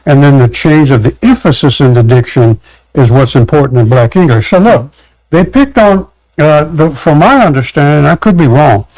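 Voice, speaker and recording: A man talking as a guest in casual chat, animated, acting out quotes and laughing, with many restarts. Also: on the high side, normal speed, dry recording, rough recording.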